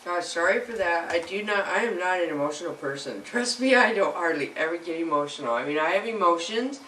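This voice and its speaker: Woman tarot reader, lowish voice, earnest and teary, slightly distant mic with faint room noise. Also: expressive, a little fast, pushed and bright. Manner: emotional, earnest, speaks directly to viewer. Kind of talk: casual tarot reading to camera.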